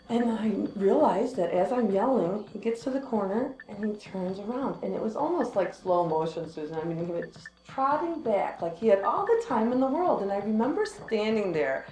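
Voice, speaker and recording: A woman's voice: a little high, moderate pace, echoey room, rough recording. A woman casually telling a personal story to friends, laughing often and acting out what people said. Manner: animated, laughs often, acts out quotes.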